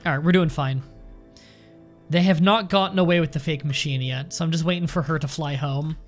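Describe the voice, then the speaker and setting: A man hosting a let's play, giving casual commentary in a slightly high voice. He chats and rambles as he thinks aloud, restarting sentences as he goes. Faint music plays behind him. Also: a little fast.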